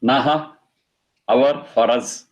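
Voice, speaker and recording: Guy teaching vedas, goes slow, says each verse twice, middle pitch. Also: fairly even intonation, faint music behind, poor audio. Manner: slow, repeats Sanskrit phrases and explains them. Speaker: Vedic teacher. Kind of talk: religious lecture.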